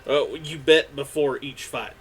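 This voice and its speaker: A man's voice: a little high, a bit bright, slight background noise. A man running a tabletop game as game master, describing scenes and calling checks. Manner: descriptive, brisk asides. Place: home streaming setup.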